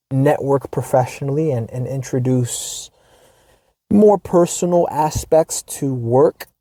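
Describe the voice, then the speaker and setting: A man's voice: fairly high pitch, dark tone, no room sound, studio quality. A man hosting a podcast in a casual monologue, wry and profane, with frequent restarts and quote-unquote asides, speaking with an American accent. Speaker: podcast host. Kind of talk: casual monologue reading a forum post.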